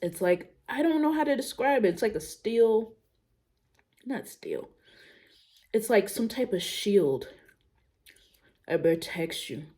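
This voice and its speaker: A young adult woman talking candidly in a casual personal vlog, musing out loud with relaxed everyday slang. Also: medium pitch, slow pace, long pauses. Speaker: vlogger.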